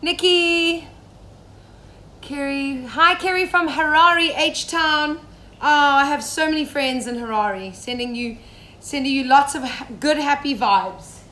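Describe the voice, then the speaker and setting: This young Zimbabwean safari cook has a high, sharp voice and speaks slowly while demonstrating a recipe live from her home kitchen. She keeps the chat casual and greets viewers by name, and the recording is echoey with faint noise behind her.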